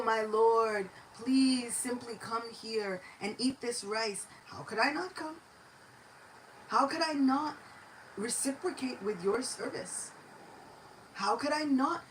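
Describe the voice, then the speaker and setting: A woman lifts her voice into a small divine boy, earnest and gently reproachful, speaking high and bright above her usual tone. He pleads warmly and with feeling, as in a storytelling sermon. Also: distant mic, slight background noise, poor audio.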